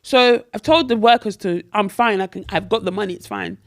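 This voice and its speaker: Speaking fairly fast at a medium pitch, this woman co-hosts a podcast and recounts a lengthy story casually. She brings it to life by performing people's lines in other voices.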